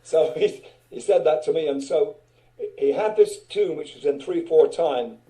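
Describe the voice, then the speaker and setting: Older male guest, very dark mellow voice, rambling storyteller, roomy echo. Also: on the high side, unhurried. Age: 70s. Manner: rambling, many fillers. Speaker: guest singer. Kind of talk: casual storytelling. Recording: echoey room.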